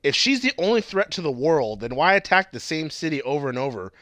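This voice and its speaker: A man's voice: on the high side, big pitch swings, a little fast, a bit bright, no room sound, clean studio sound. Swearing man recapping a show. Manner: swears a lot, laughs, reads out his notes. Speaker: podcast co-host. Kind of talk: casual profane recap chat.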